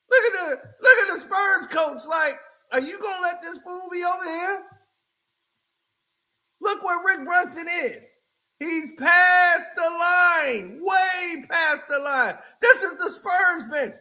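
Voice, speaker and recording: A man doing casual, animated reaction commentary on a basketball clip, mocking and shouting as he reacts. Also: extremely high pitch, takes it slowly, long pauses. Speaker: sports commentary streamer.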